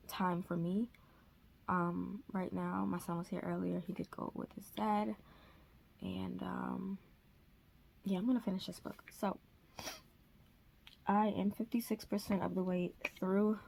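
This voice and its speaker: A woman's voice: on the low side, flat delivery, unhurried, vocal fry, long pauses, a little mellow, breathy edge. A woman chatting casually to her camera at home for a reading vlog, rambling with many fillers. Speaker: reading vlogger.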